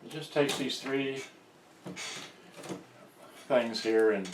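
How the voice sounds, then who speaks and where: A man explaining a repair on camera, thinking aloud in a halting, rambling way with many restarts, recorded on a handheld camera's built-in mic. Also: medium pitch, distant mic. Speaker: electronics hobbyist explaining a repair. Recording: roomy, off-mic, faint background noise.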